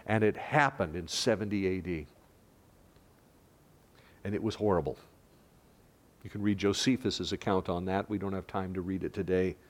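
A man preaching a sermon as a pastor, lively, rising loud for quoted lines and dropping to hushed tones. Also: sits low, moderate pace, pauses often.

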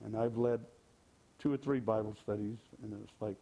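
A man's voice: on the low side, fairly even intonation, moderate pace, dark tone. An older man giving an informal, folksy sermon, joking and repeating his phrases. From California. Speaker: lay preacher.

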